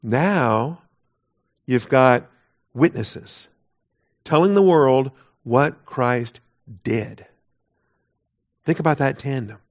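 A man teaching a Bible class in an emphatic way, repeating key phrases and putting rhetorical questions to his listeners. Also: a little high. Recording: dull lo-fi recording.

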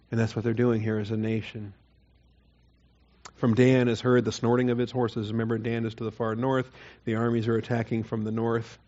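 A man's voice: mid-range voice, darkish tone, highs cut off. A man preaching a Bible sermon in a conversational way, rising to emphatic, mocking quotes of the people. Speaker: pastor. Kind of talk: expository sermon.

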